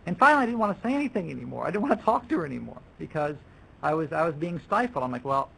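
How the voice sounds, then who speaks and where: Gravelly man talking teachers through a workshop. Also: fairly high pitch, big pitch swings, racing, bright, forceful tone, rough recording. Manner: conversational, with many restarts and acted-out student quotes. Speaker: language teacher leading a workshop. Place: lecture room.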